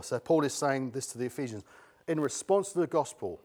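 A man's voice: medium pitch, brisk, dark tone. A middle-aged man preaching a sermon, emphatic and repeating key words for stress.

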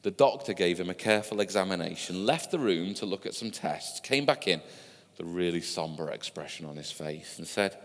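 A man's voice: low-pitched, expressive, fairly quick. A man preaching a sermon, telling stories in a conversational way with asides to his listeners. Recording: long hall reverb.

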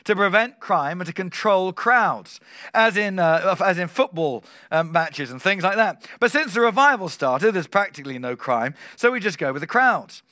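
High, bright-voiced preacher. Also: male voice, lively intonation, no room sound, clean studio sound. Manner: emphatic, slows down for key phrases. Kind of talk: sermon. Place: church meeting.

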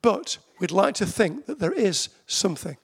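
A man preaching a sermon, his voice pitched high for a man with a gravelly, creaky edge. He talks to his listeners conversationally, then slows right down to hammer home repeated phrases. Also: very animated. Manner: conversational, with slow emphatic repetitions.

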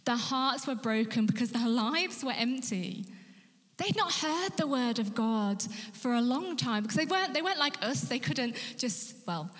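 A woman's voice: on the high side, lively intonation, moderate pace, a bit bright. Woman preacher, earnest, whispers for emphasis, rallies listeners, long hall reverb. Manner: rallies the congregation with questions. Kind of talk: sermon.

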